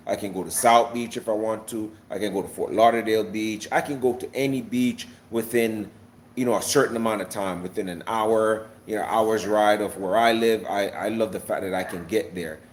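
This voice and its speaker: A Jamaican-born man with a fairly low voice talks loosely on a livestream. His speech rambles, circles back and stumbles over repeated words while he reads and answers chat. An American accent carries a light Jamaican lilt. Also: slight background noise. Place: South Florida.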